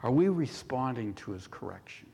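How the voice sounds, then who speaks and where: A male pastor preaching a sermon in a church, measured and full of rhetorical questions. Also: medium pitch, big pitch swings, creaky, mellow, husky. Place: church sanctuary. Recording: long hall reverb.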